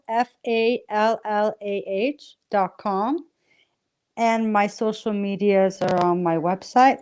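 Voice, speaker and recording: A woman from Canada, a singer-songwriter guest on an online interview show. She talks in a giggly, animated way, in a mid-range voice, with lots of laughter. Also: mid-range voice. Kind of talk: casual interview.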